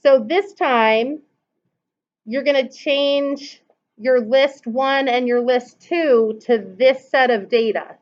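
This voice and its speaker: Speaking slowly in a voice that sits high, a woman leads a math lesson on using the calculator. She patiently explains each step and asks the students questions, all in a dull lo-fi classroom recording.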